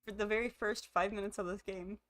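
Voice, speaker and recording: A woman gives excitable let's play commentary with the hiccups, thinking aloud as she plays. Her pitch sits at a middle height. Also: brisk. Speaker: gamer.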